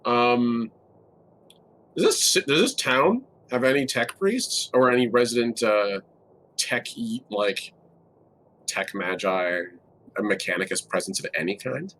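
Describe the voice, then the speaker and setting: A man playing a tabletop game, talking in a rambling, animated way. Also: mid-range voice, measured pace. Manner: animated, rambling, laughs often. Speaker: player. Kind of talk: casual tabletop play.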